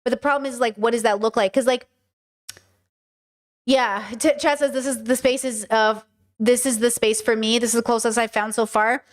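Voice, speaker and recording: A young woman with a high-pitched voice chats casually on a live stream. She rambles, fills her sentences with "like", and talks straight to her viewers in an emotional way. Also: steady tone, normal speed. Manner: rambling, emotional, talks to chat, many fillers. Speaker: podcast host streaming live.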